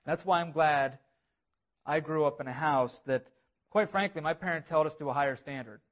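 A man delivers a sermon in an earnest, driving way, repeating key phrases to build emphasis. His voice sits notably high for a man. He sounds like a pastor speaking to his congregation. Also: normal speed, fairly bright tone. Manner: earnest, repetitive preaching with rising emphasis.

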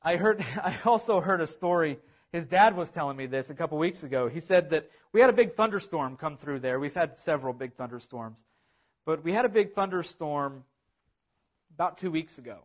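A pastor preaches to his congregation in an earnest, driving style, repeating key phrases so the emphasis keeps rising. His voice is notably high for a man, animated, and fairly quick.

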